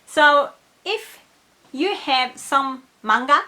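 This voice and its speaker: A woman with a Japanese accent teaching pronunciation, modelling each word slowly and repeating it. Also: high-pitched, animated, pushed and bright. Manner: slow, careful modelling of words, repeating each one. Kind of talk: pronunciation lesson.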